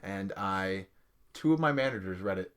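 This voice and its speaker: A man's voice: deep voice, lively intonation, normal speed, a bit bright, clean tone. A young man co-hosting a podcast, telling a work story in casual chat, acting out the people in it and laughing often. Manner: storytelling with quoted voices and laughter. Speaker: podcast co-host.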